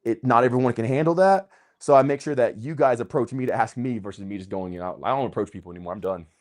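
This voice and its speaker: A man's voice: mid-range voice, quick pace. Guy, super hyped, says dude and bro a lot, casual chat. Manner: excitable, slangy, uses "dude" and "bro". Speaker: host. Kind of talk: casual conversation.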